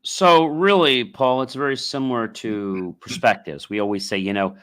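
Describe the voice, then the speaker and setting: A man hosting a podcast interview, talking in a loose, expressive way. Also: medium pitch, moderate pace, clean tone. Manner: expressive, acts out imagined voices. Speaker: podcast host. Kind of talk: casual interview chat.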